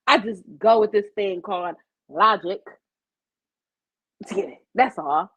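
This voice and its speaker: A woman's voice: medium pitch, takes it slowly, long pauses, fairly bright tone, husky, low-quality recording. A woman hosting a casual live-stream commentary show, blunt and profane, acting out the quotes she tells.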